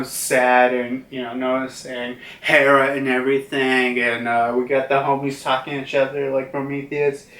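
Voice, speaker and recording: A man's voice: medium pitch, a bit bright. A man casually reviewing a comic chapter, rambling with many fillers and restarts. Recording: roomy, distant from mic.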